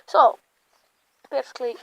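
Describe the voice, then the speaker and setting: A woman vlogging casually at home, giggling often and chatting excitedly to her dogs. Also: unhurried, noisy background.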